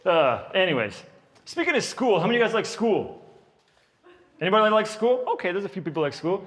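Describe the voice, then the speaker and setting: A man in his thirties performs stand-up comedy for a room of children. His voice sits high for a man and swings widely as he tells stories, and a long reverb trails behind it. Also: fairly quick. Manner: animated storytelling, puts on kids' voices. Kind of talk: stand-up comedy at a birthday party.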